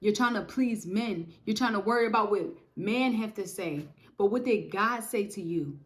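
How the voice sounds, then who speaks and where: A young woman telling her faith testimony in a lively, preachy way, talking straight to her viewers. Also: mid-range voice, moderate pace. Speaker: testimony speaker. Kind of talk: casual spoken testimony.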